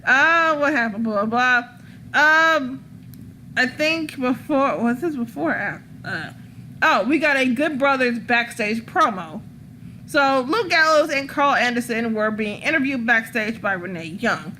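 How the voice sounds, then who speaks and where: Female podcast host, bright tone, rambling and profane, laughs a lot, casual chat. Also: on the high side, unhurried, slight background noise. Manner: animated, laughs often.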